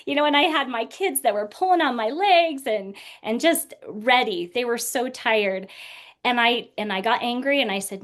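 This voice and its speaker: A woman's voice: fairly high pitch, normal speed, fairly bright tone. A woman in her forties telling a personal story as a podcast guest, earnest and laughing now and then through hard memories. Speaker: guest speaker.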